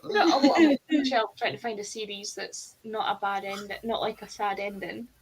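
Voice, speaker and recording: A woman's voice: medium pitch, normal speed, rough recording. A woman in casual chat on a video call, telling stories with acted-out reactions. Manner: animated storyteller, acts out reactions. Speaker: booktuber on a group call.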